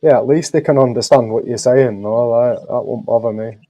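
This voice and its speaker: A man's voice: mid-range voice, fairly quick, warm tone, no room sound. A man in casual group chat on a live call, easygoing and agreeable.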